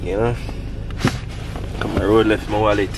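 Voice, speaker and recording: A man's voice: lowish voice, flat delivery, moderate pace, noisy background. A man telling a rambling, laughing story in patois for his family vlog, out by a road at night. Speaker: family vlogger.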